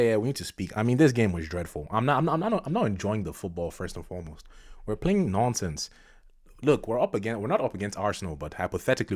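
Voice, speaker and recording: Fed-up male football vlogger, very low voice, dry close sound, repetitive rant. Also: darkish tone, husky, no room sound. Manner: frustrated, repetitive, exasperated. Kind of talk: ranting football vlog.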